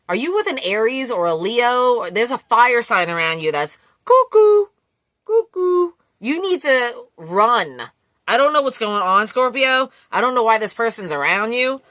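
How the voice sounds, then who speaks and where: A woman giving a casual collective tarot reading, blunt and quick to swear, laughing often. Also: medium pitch, bright, forceful tone, dry recording. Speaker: tarot reader.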